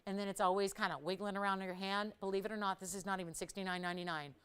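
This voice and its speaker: A woman's voice: mid-range voice, flat delivery, very fast, fairly bright tone, clear, resonant tone. Chatty woman hosting live jewelry sales. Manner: chatty, storytelling, laughs often. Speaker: jewelry shopping host. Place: TV studio.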